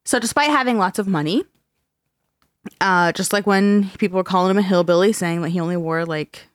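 A woman co-hosting a true-crime podcast in casual chat, animated, laughing often and swearing freely. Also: on the low side, brisk, no echo, clean studio sound. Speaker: podcast co-host.

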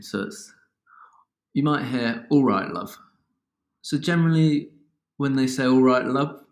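A man explains word meanings to learners in a patient, unhurried way. His delivery is slow and deliberate, pitched at an ordinary middle register, with relaxed, chatty asides. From south of England. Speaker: English teacher and podcast host.

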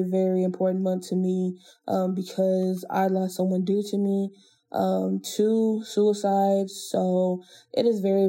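Mellow, even-toned woman podcast host. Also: medium pitch. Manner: earnest, motivational, slangy. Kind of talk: reflective solo podcast talk.

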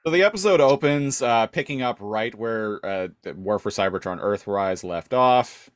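A man's voice: fairly low pitch, lively intonation, moderate pace, dry recording, studio quality. A man co-hosting a podcast, recapping an episode in a rambling casual way. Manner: rambling, many fillers and restarts. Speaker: podcast co-host.

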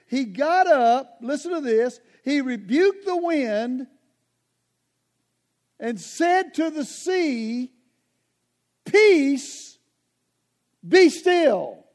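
A man's voice: very high voice, darkish tone. A man preaching a sermon in a conversational, emphatic way, often turning straight to his listeners.

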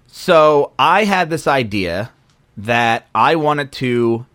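A man's voice: mid-range voice, expressive, takes it slowly, fairly bright tone, dry recording. Rambling young man. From Philadelphia area. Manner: rambling, self-interrupting, easygoing. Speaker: podcast co-host. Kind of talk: casual chat.

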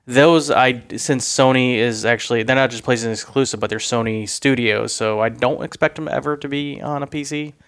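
A man's voice: medium pitch, fairly even intonation, a little fast, hardly any pauses, fairly bright tone, clear, resonant tone. A man co-hosting a gaming podcast, chatting casually and knowledgeably, with dry jokes and lots of fillers. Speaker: podcast co-host. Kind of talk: casual chat.

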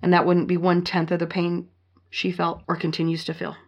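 A woman's voice: on the low side, completely flat delivery, brisk, dull audio. A woman co-hosting a casual podcast, reading a listener's story aloud and cursing bluntly between passages. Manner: profane, blunt, reads quotes word for word.

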